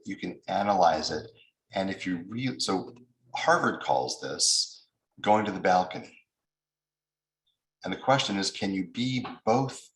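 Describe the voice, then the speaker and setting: A man's voice: low voice, a bit bright, reverberant, poor audio. An American man giving a recorded lecture as a mediation trainer, explaining with examples and acting out angry voices he quotes.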